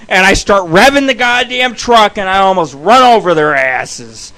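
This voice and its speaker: A man hosting an internet radio show, telling rambling profane stories and shouting the punchlines. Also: high-pitched, lively intonation, moderate pace, hardly any pauses, clean tone, rough recording. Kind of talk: profane comic storytelling.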